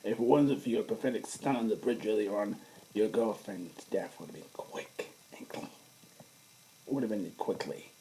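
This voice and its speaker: Man doing a hissing male supervillain, breathy whisper, slow taunting, deep menacing tone. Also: warm tone, lightly acted, low-quality recording. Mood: venomous.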